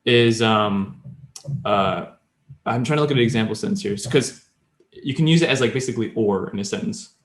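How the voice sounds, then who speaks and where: A podcast co-host with a fairly low, slightly bright voice chats casually about language learning, explaining grammar step by step with many fillers. The sound is reverberant.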